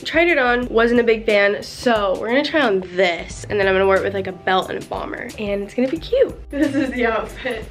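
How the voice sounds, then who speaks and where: A woman's voice: a little high, lively intonation, fairly quick. A young woman chatting casually as a beauty vlogger, giggly and poking fun at herself. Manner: chatty, giggly, self-mocking. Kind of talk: casual vlog chat. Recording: roomy echo with background music.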